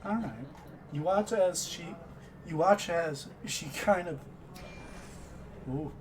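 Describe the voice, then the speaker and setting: A man's voice: on the high side, slow, a little hiss or hum. Rambling game master, man. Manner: rambling, self-correcting narration. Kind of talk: narrating a tabletop game.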